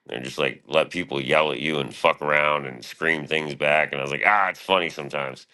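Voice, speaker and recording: A man's voice: a bass voice, fairly even intonation, fairly quick, hardly any pauses, pushed and bright. A man streaming live, rambling casually and profanely about his past and his show, often quoting himself.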